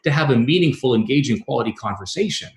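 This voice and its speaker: A man's voice: mid-range voice, lively intonation, fast, reverberant. A man co-hosting a casual talk about car sales, earnest and emphatic, often tagging his points with "right?". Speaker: co-host. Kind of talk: casual podcast discussion.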